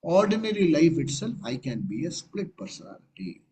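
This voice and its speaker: A man's voice: a little high, sing-song, normal speed, a little mellow, low-quality recording. A man with an Indian English accent giving a conversational satsang discourse as a spiritual teacher, acting out everyday scenes as he explains. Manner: conversational, acts out little scenes with changing voice.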